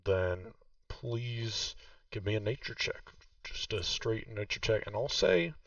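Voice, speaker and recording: A man running a tabletop game as game master, calm and descriptive. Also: fairly low pitch, slow, dry recording. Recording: distant muffled mic.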